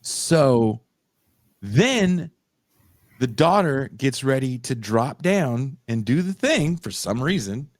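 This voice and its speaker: A man hosting a podcast, recapping a movie as an excitable storyteller who laughs often and bursts into high exclamations. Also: slow, dry recording, studio quality. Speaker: podcast host.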